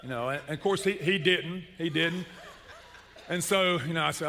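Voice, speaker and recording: Male pastor, middle-aged, lively comic storyteller, bright tone in a reverberant church. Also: fairly high pitch, moderate pace, a little hiss or hum. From Chattanooga, Tennessee. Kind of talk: sermon with storytelling.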